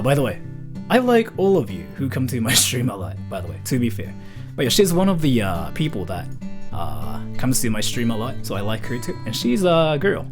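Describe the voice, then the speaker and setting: A young man from Japan with a Japanese accent, chatting on a livestream and reading out donations in a joking, animated way with lots of filler words. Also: lowish voice. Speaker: streamer.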